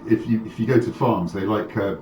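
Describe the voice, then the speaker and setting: Low-voiced man telling an anecdote. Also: brisk, darkish tone. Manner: anecdotal, hesitant. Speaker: player. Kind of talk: casual storytelling. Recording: roomy distant mic with music.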